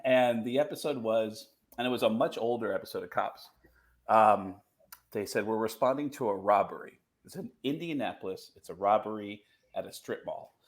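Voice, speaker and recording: A man who is a comedian telling a story in an animated way and switching into voices for his characters. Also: fairly low pitch, moderate pace. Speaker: comedian and guest. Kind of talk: comic storytelling.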